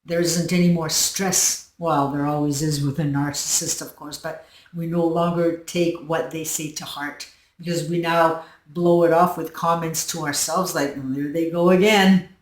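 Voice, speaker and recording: A woman hosting her own channel, giving a slow, earnest self-help talk that she drifts into softly. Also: deep voice, little pitch movement, far from the mic. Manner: slow, earnest, storytelling with soft dips in volume. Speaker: channel host. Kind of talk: reflective self-help monologue. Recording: roomy echo, voice set back from the mic.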